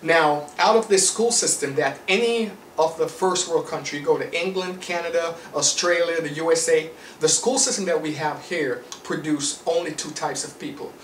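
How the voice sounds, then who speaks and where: A man's voice: on the high side, moderate pace, hardly any pauses, a bit bright, recorded from a distance, slight background noise. A man with a Jamaican accent giving an emphatic, preachy motivational lecture, driving points home with rhetorical questions. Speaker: motivational speaker. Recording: roomy sound from away from the mic.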